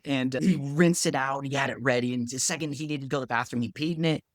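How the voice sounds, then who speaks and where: Man telling a story, casual and animated, mid-pitched voice, dry close sound. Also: fast talker, no echo. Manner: animated, acts out others' lines, lots of "like". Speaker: pharmacist.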